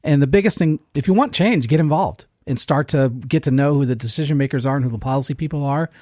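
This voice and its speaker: A middle-aged man on a podcast panel who talks quickly and earnestly, pushing his point. His voice sits in the middle range. The recording is dry and close. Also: a little high, a little mellow, no room sound. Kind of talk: casual chat.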